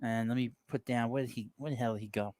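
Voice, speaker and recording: A man with a mid-range, steady, darkish voice speaks quickly, with no echo. As host of a casual baseball live stream, he rambles through viewer messages, reading them aloud and offering offhand reactions.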